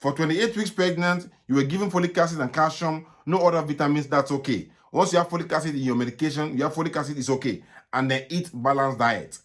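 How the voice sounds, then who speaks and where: A man with a Nigerian accent, a gynaecologist answering viewers' questions live in brisk, repetitive bursts, often checking "okay?". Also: fairly high pitch. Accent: Nigerian English. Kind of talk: live Q&A stream.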